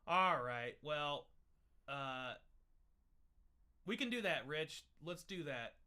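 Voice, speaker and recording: A man's voice: a little high, lively intonation, takes it slowly, sharp tone, clear, resonant tone. A playful young man hosting a casual whisky livestream, joking and chatting. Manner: playful, jokey, breaks into laughs. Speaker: livestream host. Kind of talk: casual tasting livestream chat.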